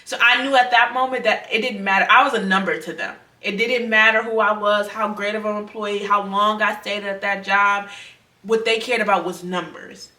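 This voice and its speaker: A woman's voice: mid-range voice, steady tone, normal speed, bright, forceful tone. A young woman earnestly sharing a personal faith testimony in a conversational, repetitive way. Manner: earnest, conversational, repeats herself. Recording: roomy sound, mic at a distance.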